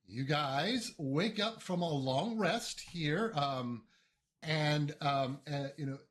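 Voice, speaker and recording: A man running a tabletop game as game master, talking haltingly with many fillers and restarts. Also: mid-range voice, a bit bright.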